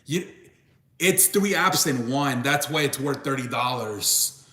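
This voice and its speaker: A man's voice: medium pitch, animated, slow pace, pushed and bright. A young man hosting a casual live stream, rambling and restarting his sentences as he reacts to chat. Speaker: live show host. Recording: echoey room.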